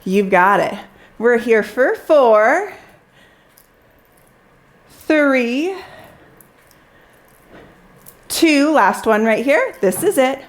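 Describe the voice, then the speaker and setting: A woman's voice: on the high side, very animated, very slow, pauses often. A woman leading a pilates workout, counting reps and cheering on her class while she exercises along and gets a little out of breath. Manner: encouraging counting coach, audibly working out alongside. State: slightly out of breath. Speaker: pilates instructor.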